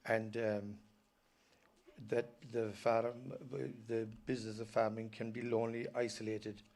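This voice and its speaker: An Irish dairy farmer giving an earnest, halting personal talk at a live event, often stopping to restart his sentences. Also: on the low side, little pitch movement, darkish tone. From Ireland. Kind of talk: personal storytelling speech.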